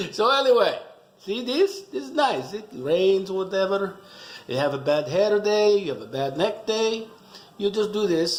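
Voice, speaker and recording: Gravelly man in a rambling comic rant. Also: a little high. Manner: rambling, joking, self-mocking. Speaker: wine vlogger. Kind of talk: casual comedic rant. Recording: echoey room.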